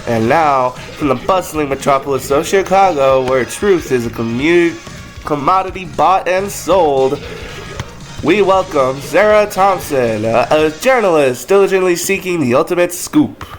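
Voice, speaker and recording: A man voicing a theatrical, sinister game show host, speaking in a slow, drawn-out showman manner. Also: fairly high pitch, expressive, soft background music. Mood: grandiose. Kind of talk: reading game dialogue aloud.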